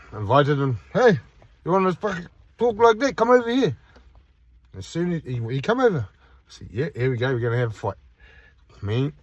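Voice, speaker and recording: Man, vlog, casual storytelling, rambling, blunt, frequent restarts, mid-pitched voice, phone in a car. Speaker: vlogger. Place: parked car by a park, outdoors.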